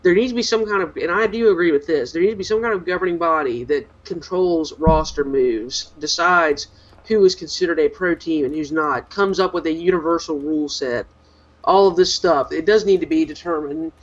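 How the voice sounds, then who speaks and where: A man co-hosting a casual gaming podcast, talking in a rambling, opinionated way full of restarts. His voice sits a bit high. The sound is dull and lo-fi. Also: brisk. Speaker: podcast co-host.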